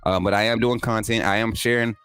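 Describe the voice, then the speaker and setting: A man hosting a casual livestream, talking loosely with his viewers and jumping up in pitch when he gets excited. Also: a little fast, smooth, no room sound, faint music behind. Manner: laid-back, talks to chat as "man" and "y'all", pitch jumps up when excited. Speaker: livestream host. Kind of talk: casual livestream chat reading viewer comments.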